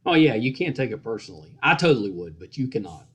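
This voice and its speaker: A man's voice: mid-range voice, sing-song, fast. A man hosting a podcast interview on a call, joking and rambling with frequent restarts and self-deprecating asides. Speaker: podcast host. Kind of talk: casual interview chat.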